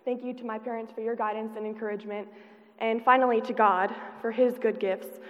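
Student speaker, teenage woman, earnest and careful, fairly high voice, long hall reverb. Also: little pitch movement, brisk. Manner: earnest, carefully paced delivery. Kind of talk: prepared conference speech. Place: conference hall. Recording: dull, reverberant hall sound.

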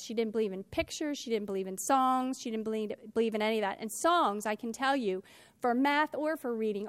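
Woman, middle-aged, high voice, dry close sound, lecturing, stresses words slowly. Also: no room sound. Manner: slows to stress words, then speeds through asides. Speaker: teacher trainer. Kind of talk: lecture to a class.

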